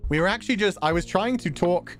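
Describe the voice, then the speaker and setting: A young man chatting casually on a stream, talking fast and laughing often. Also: high voice, soft background music. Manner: animated, quick talker who laughs often. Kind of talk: casual chat.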